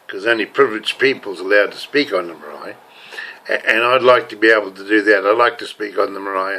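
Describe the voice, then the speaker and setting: A lowish, pushed, bright voice belongs to an older man with a New Zealand accent, a self-styled preacher and video blogger. He rambles casually to the camera, restarting frequently and using lots of fillers.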